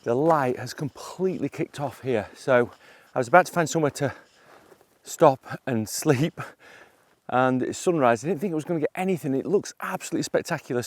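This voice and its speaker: Middle-aged guy photographing a sunrise on a hill, outdoor vlog, mid voice, dry close sound, super excited. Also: medium pitch, no room sound. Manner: excitable, breathless bursts of awe. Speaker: landscape photographer. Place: outdoors on a hillside.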